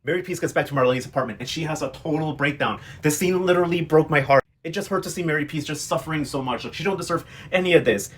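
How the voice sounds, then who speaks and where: A young man dishes on a soap opera's latest episodes with sass and big emotional reactions. He talks fast, in a slightly husky voice, as if he's gossiping with friends. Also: fairly high pitch. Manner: sassy, dramatic and emotionally invested. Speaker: TV novela recap host. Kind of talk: casual pop-culture recap.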